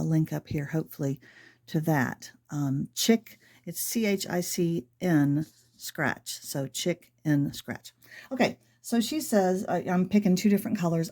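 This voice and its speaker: Middle-aged lady rambling on about her sewing, lowish voice, soft little asides. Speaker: sewing vlogger. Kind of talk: casual chat while sewing.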